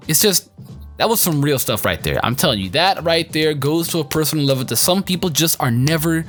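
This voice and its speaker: A man giving a casual spoken anime review in an excitable, slangy, rambling way. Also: on the high side, fairly quick, soft background music.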